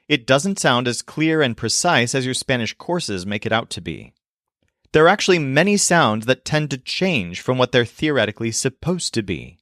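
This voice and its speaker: A man teaching in a language lesson video, explaining clearly and modeling sounds slowly. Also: medium pitch, a bit bright, no echo, clean studio sound. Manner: clear, demonstrative, slows to model pronunciation.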